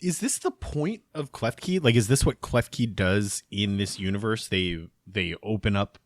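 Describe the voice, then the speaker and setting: A man on a casual comedy podcast, musing slowly about a cartoon creature. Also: lowish voice, expressive, dry recording, studio quality.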